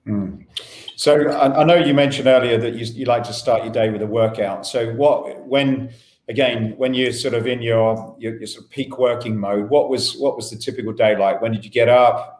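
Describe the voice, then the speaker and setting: A man's voice: mid-range voice, steady tone, normal speed, darkish tone. Guy hosting a podcast, keeps restarting his questions, kinda roomy echo. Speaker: podcast host. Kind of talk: casual podcast interview. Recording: echoey room.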